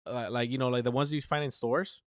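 A man's voice: mid-range voice, fairly quick, dry recording. American dude ranting on his podcast, cusses a lot, trips over his words, dry close sound. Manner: animated ranting, swears a lot, many restarts. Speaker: podcast host. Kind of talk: casual podcast chat.

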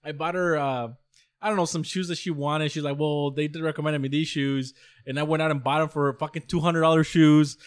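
Fast-talking young man, swearing casually. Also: on the high side, little pitch movement, clear, resonant tone. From born outside the US. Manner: swears freely, acts out arguments with his mom. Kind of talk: casual chat.

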